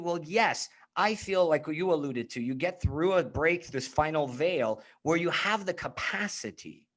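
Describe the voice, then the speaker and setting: A man's voice: on the high side, animated, a little slow, few pauses, fairly bright tone. A man hosting a casual podcast conversation, talking in a reflective, searching way with frequent restarts. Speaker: host.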